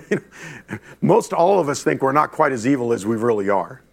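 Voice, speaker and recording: A middle-aged male pastor preaching a lively sermon to his congregation, talking straight to the room with quick asides. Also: medium pitch, gravelly. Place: church before a congregation.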